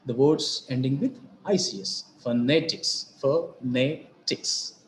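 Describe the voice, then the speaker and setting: A man giving a grammar lesson on word stress, speaking slowly and deliberately and repeating example words. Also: mid-range voice, expressive, echoey room, a little hiss or hum. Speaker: English teacher.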